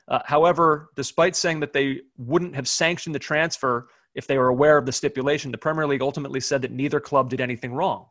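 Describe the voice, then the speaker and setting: A man co-hosting a casual sports podcast, recapping news with restarts and quick laughs. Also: medium pitch, fairly even intonation, fairly bright tone, no room sound, studio quality. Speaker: podcast co-host.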